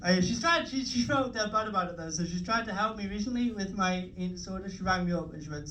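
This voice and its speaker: Racing along with hardly any pauses, a young man with a Liverpool accent and a high, fairly bright voice does a stand-up set on a comedy club stage, swearing, mocking himself, and doing chatty crowd work. Audience laughter and slight background noise come through a live club mic heard from a distance.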